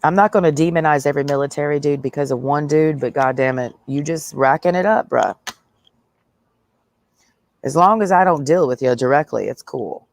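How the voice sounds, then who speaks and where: A woman's voice: deep voice, moderate pace, no echo. A woman livestreaming a blunt, profane, sarcastic rant, talking straight at her listeners. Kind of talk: ranting livestream monologue.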